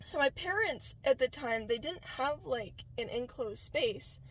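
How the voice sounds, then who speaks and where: A woman's voice: high voice, expressive, measured pace, a bit bright, a little hiss or hum, low-quality recording. A young woman vlogger telling a childhood story in a casual, chatty way, full of fillers and "right?" check-ins.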